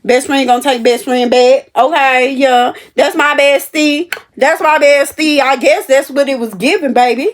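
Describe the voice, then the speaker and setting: A young woman telling a story about her cashier job to her viewers, animated and emphatic. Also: sits high, moderate pace, few pauses. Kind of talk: casual storytelling to camera.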